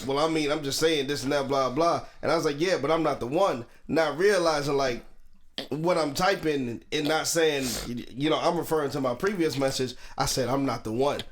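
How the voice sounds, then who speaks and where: A young man co-hosting a podcast, telling a story in loose slang, rambling and laughing often. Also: a little high. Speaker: podcast co-host. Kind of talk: casual podcast banter.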